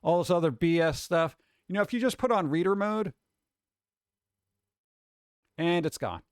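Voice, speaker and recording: A male streamer talks casually into a close, dry mic, his fairly high voice leaping up and down as he reacts. He reads chat aloud and swears now and then in a loose, animated way. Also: normal speed, smooth, no echo. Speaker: streamer host.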